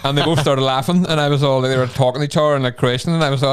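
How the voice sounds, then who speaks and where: Male podcast host, rapid and animated storyteller who swears freely, mid-pitched voice. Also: smooth. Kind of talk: casual storytelling chat.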